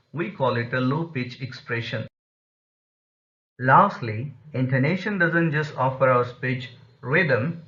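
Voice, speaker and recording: A man's voice: medium pitch, lo-fi sound. A man teaching an English pronunciation lesson, explaining step by step and repeating example phrases.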